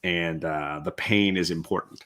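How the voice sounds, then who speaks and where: A man with a very deep, low voice hosts a laid-back hangout chat. He talks easily and laughs often between thoughts. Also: steady tone, a little slow, fairly bright tone. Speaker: host. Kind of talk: casual chat.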